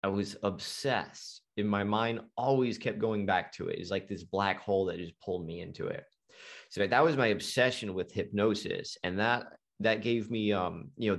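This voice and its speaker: A middle-aged man, a guest hypnotherapist, tells a story in an animated, emphatic way with frequent restarts. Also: on the low side. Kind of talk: storytelling in a conversation.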